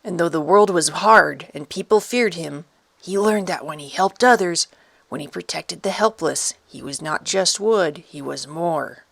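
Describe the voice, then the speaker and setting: A narrator voicing a gentle, battle-weary wooden puppet soldier who speaks in a light, raspy voice, slow and soft to children. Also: medium pitch, no echo.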